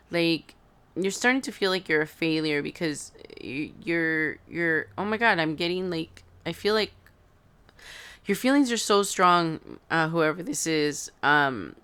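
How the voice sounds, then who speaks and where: Woman tarot reader, near tears, halting delivery; smooth voice, a bit low. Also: sharp tone. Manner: halting, filler-heavy, emotional, addresses viewers as guys. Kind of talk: intuitive tarot reading to camera.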